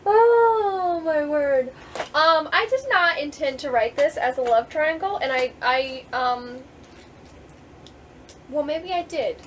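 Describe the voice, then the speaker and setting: A woman's voice: high voice, lively intonation, slow, slight background noise, poor audio. A woman author in a casual vlog, reading aloud from her own book, chatty and often breaking into giggles. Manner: giggly, keeps breaking into laughter; chatty, with many fillers and restarts.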